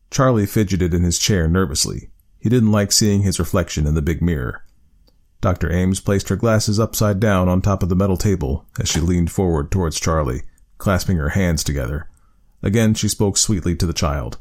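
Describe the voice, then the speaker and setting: A man narrating a story in a steady, measured audiobook style. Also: low-pitched.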